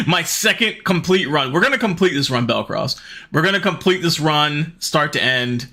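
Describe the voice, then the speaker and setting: A man's voice: fairly high pitch, expressive, measured pace, pushed and bright. A man, chatting casually with viewers on his live stream, laughing often and greeting chat.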